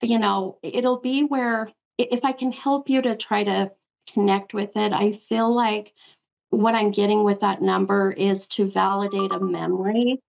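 Woman, psychic medium host, affectionate, says hun a lot, very gravelly voice, muffled lo-fi sound. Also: medium pitch, steady tone, a little slow. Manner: affectionate, keeps calling the caller hun. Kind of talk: live call-in spirit reading.

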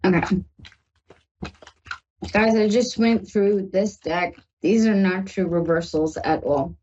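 A woman's voice: mid-range voice, slow, a little mellow, muffled recording, a little hiss or hum. A woman from the northern United States hosting a live call-in psychic radio show, chatty and reassuring as she reads tarot and talks to her listeners.

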